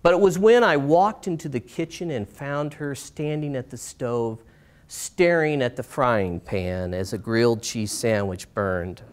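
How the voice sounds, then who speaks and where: A middle-aged man performs a personal story for a live audience. His delivery swings between brighter, lifted passages and quiet, slowed moments. He leans on dramatic pauses. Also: medium pitch, expressive. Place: stage in a small performance space.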